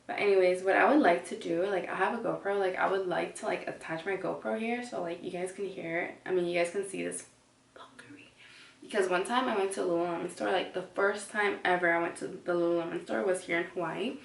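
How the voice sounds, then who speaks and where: A woman's voice: on the low side, steady tone, fast talker, creaky, hardly any pauses, reverberant, far from the mic. A woman vlogger ranting casually to camera, chatty and blunt, filling her talk with "like". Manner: chatty, heavy use of "like", blunt and indignant.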